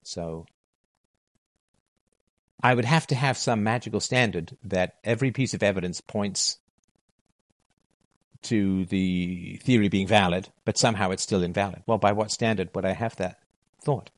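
A middle-aged man speaks in a lowish voice, delivering an emphatic monologue to his listeners. He drives points home by repeating key phrases. The sound is close and dry. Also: measured pace, long pauses, no echo. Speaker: philosophy talk host.

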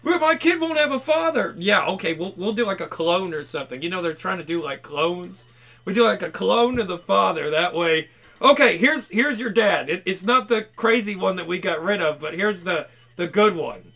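A man's voice: high voice, normal speed, creaky, sharp tone. A man ranting in an angry, profane, rambling monologue.

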